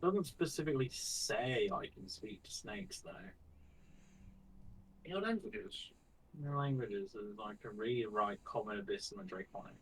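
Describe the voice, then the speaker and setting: A man's voice: medium pitch, unhurried, a little hiss or hum, low-quality recording. A man playing a tabletop game, checking the rules aloud with a dry wit. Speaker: player. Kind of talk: casual tabletop game chat.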